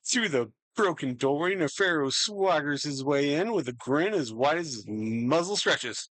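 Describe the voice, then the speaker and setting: A man narrating a tabletop role-playing game as game master, animated and playful. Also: on the high side, a little slow, dry recording. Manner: animated, jumps between narration and playful put-on voices.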